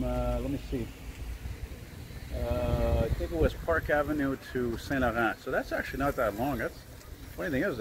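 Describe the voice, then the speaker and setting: A man's voice: mid-range voice, noisy background. A man rambling casually as he walks a city street, full of fillers and digressions. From Canada. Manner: chatty, digressive, filler-heavy. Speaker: vlogger. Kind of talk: rambling walking vlog.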